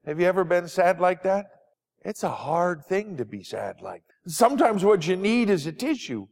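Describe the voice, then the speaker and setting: A man giving a children's sermon as pastor, animated and sing-song, asking the kids simple questions. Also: high-pitched, normal speed, creaky. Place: church sanctuary. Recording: long church reverb.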